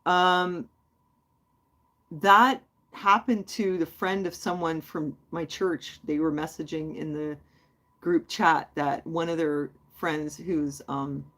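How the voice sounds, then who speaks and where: A woman's voice: low-pitched, fairly even intonation, slow, a bit bright. A woman hosting a casual livestream, chatty and rambling as she answers her viewers. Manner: chatty and rambling, many fillers. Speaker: host.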